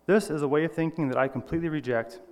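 A man's voice: a little high, racing, darkish tone, in a large hall. A man giving an earnest, personal sermon, reading scripture and correcting small slips as he goes. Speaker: lay preacher.

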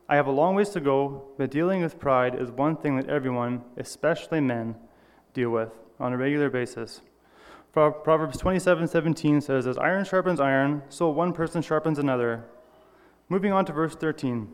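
A man's voice: fairly high pitch, clear, resonant tone, in a large hall. A man giving an earnest, personal sermon, reading scripture and correcting small slips as he goes. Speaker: lay preacher.

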